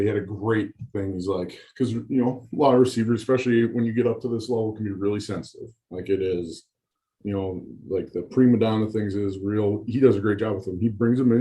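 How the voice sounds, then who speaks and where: A man's voice: fairly low pitch, steady tone, quick pace, dark tone. A man talking as a guest offensive line coach, in a loose, rambling casual way. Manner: loose and rambling, many fillers and restarts. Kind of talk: casual chat.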